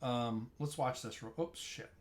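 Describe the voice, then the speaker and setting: This is a young man casually breaking down a game fight over replay footage. He speaks in a loose, conversational way, often circling back to restart a thought. His voice sits at an everyday middle pitch. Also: steady tone, measured pace. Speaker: streamer explaining raid tanking. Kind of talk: casual gameplay walkthrough.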